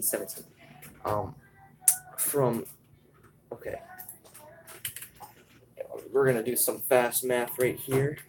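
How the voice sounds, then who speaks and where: A man's voice: mid-range voice, a little hiss or hum, rough recording. Young male host, live draft commentary, mid-range voice, hesitant and rambling. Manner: halting, many fillers and restarts, yawning.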